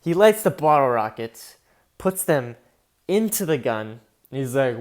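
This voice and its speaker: A man's voice: fairly high pitch, big pitch swings, a little slow, darkish tone. A young man telling a long personal story in a casual vlog, rambling with lots of fillers and swearing. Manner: rambling, heavy on fillers and profanity. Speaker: vlogger.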